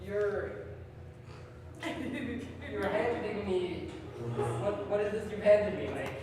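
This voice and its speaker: A man doing a live improv guessing game on stage, laughing through halting guesses. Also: high-pitched. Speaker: improv performer. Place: live show in a large hall. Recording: echoey hall from far off, noisy.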